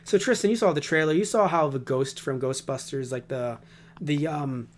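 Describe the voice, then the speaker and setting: A man's voice: a little high, moderate pace. Ranting, foul-mouthed male podcast host. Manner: rambling, heavy swearing, animated ranting. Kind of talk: casual podcast chat.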